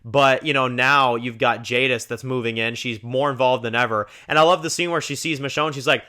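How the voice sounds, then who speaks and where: A man talks through a TV episode on his own review channel in a loose, rambling flow, padding his thoughts with "you know" and stumbling restarts. His voice is bright and forward, of ordinary pitch for a man. He livens up when he retells scenes. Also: moderate pace. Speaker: TV show reviewer, channel host.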